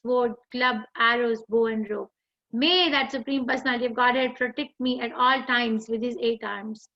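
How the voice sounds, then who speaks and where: A woman with an Indian English accent reads devotional scripture slowly and deliberately, chanting the mantras as she goes. Her voice sits a little high and sounds bright and sharp. It comes through as muffled, lo-fi audio from an online video call. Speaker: teacher reading scripture aloud. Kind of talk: slow devotional scripture reading in an online class.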